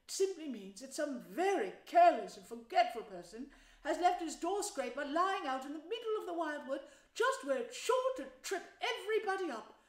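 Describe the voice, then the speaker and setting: A woman's voice: sits high, very animated, normal speed, voice pushed up. A woman voicing a fussy, grumpy male mole who complains primly, in a storybook reading. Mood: grumbling. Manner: complaining and prim. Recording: roomy echo.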